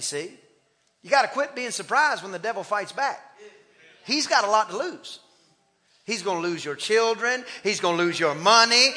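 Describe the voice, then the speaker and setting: A man's voice: very high voice, sharp tone, in a large hall. A male pastor preaching a sermon, emphatic and repetitive, building to rhythmic declarations. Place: church sanctuary.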